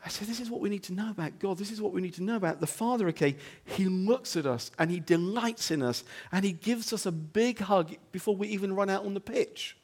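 A man preaching a sermon as the pastor of his church, talking conversationally with rhetorical questions and "okay?" asides, dropping to hushed lines and rising to loud emphatic ones. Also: brisk, few pauses. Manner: swings between hushed low moments and loud emphatic stretches. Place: church building.

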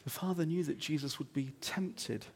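A male pastor with a slightly rough voice, pitched a little higher than most men's, preaches conversationally in his church. He peppers the sermon with rhetorical questions and frequent "okay?" checks, sinking into quiet, low passages and then building to loud, emphatic stretches.

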